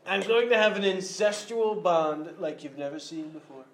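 A man's voice: high-pitched, expressive, normal speed, roomy sound, a little hiss or hum. A man doing a pompous boastful president impression. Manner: grandiose, rambling, self-important. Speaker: call-in guest.

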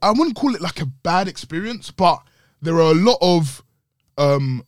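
A young man talks in a relaxed, slang-heavy way, full of filler words. His voice sits a little high for a man and his pitch swings a lot. The sound is dry and close, with no room echo. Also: moderate pace. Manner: laid-back, slangy, lots of filler words. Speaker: actor and podcast guest. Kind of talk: casual podcast chat.

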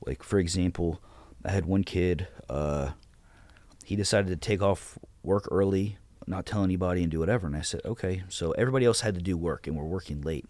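A man's voice: sits low, fairly quick, darkish tone, dry recording. A blunt, profane man in his thirties, a podcast guest telling stories about how he ran his platoon. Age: 30s. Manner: blunt, profane, retells his own orders. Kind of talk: casual interview storytelling.

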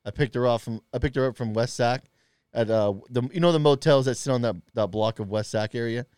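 A man's voice: medium pitch, a little fast, darkish tone, smooth, dry recording, studio quality. A man chatting casually on a podcast, rambling and swearing, with lots of fillers and restarts. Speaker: podcast co-host, rideshare driver. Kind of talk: casual chat.

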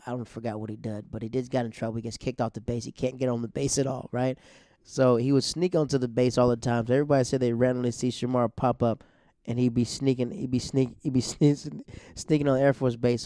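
A man in his thirties telling a personal story in a loose, rambling way, full of slang fillers, dropping his voice to a hush for quoted lines. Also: mid-range voice, no echo, studio quality.

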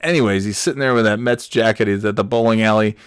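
A man's voice: lowish voice, quick pace, clean tone, no echo, clean studio sound. A man hosting a podcast, telling a rambling, profane childhood story and chuckling as he goes. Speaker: podcast host. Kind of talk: casual storytelling.

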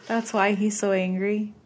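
A woman co-hosting a podcast, cracking playful jokes and interrupting with teasing asides. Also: mid-range voice. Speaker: podcast co-host. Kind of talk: casual chat.

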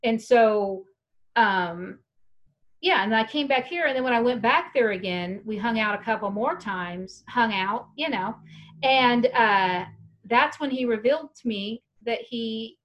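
A young adult woman telling a long, frank, rambling story in casual chat, laughing now and then. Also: fairly high pitch. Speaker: guest storyteller.

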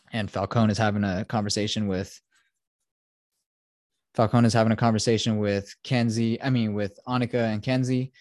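A male podcast host rambles through a movie recap, swearing freely and acting out the lines. His voice sits a little low. The sound is dry and close. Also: darkish tone, no echo. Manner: profane, rambling, quotes characters.

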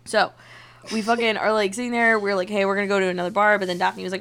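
Young woman hosting a podcast, casual and lively, says like a lot, swears a bunch. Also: mid-range voice, quick pace. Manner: animated, swearing, lots of "like". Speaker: podcast host. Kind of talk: casual storytelling chat.

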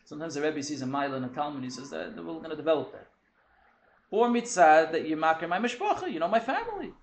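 A man teaching a lively text study class, quick and animated, mixing in Hebrew and Yiddish terms. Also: a little high, vocal fry, reverberant.

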